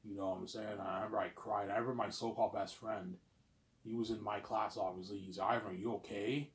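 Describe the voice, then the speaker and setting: A man's voice: fairly low pitch, little pitch movement, fast talker. A man in his thirties telling a personal story in a casual monologue, rambling, repeating himself and swearing often. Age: 30s. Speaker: vlogger.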